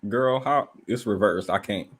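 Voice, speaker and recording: Guy doing a casual livestream from a rented room, kinda low voice, animated, lots of rhetorical questions. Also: unhurried. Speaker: livestream host.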